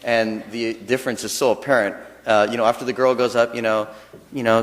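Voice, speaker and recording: A man's voice: fairly low pitch, steady tone, a little fast. Chatty joking man in a reverberant hall. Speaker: temple minister. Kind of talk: dharma talk. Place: temple hall. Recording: long reverb of a temple hall.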